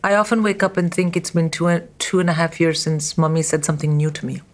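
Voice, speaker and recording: A woman comedian from India, talking candidly over lunch in an interview, blunt and animated as she tells stories with quick asides. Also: low-pitched. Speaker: stand-up comedian, guest. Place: at a restaurant table over lunch.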